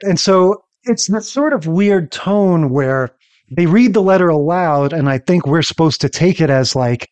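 A man's voice: on the high side, expressive, unhurried. A man co-hosting a podcast, chatting casually about old sitcom episodes. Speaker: podcast co-host. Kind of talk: casual chat recapping TV episodes.

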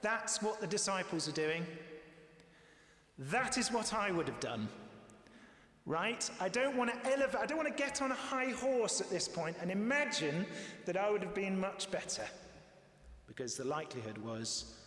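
A man preaching a sermon in a lively, conversational way, briefly acting out the voices he quotes. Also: sits high, moderate pace. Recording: echoey hall with long reverb.

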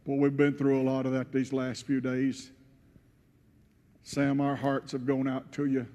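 A pastor preaching a sermon, retelling a scripture story in first person and swelling to loud, emotional peaks. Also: male voice, medium pitch, completely flat delivery, measured pace. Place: church sanctuary. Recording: church hall with long reverb.

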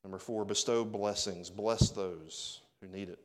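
A man's voice: fairly low pitch, steady tone, a little slow. A man pastor preaching a sermon, conversational and speaking directly to his congregation.

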